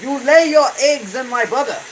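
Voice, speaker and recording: A man's voice: very high voice, expressive, normal speed, fairly bright tone, a little hiss or hum, pitched above the performer's own voice, poor audio. A man putting on a pompous, mock-grand voice, declaring war on a fly in old-fashioned speech.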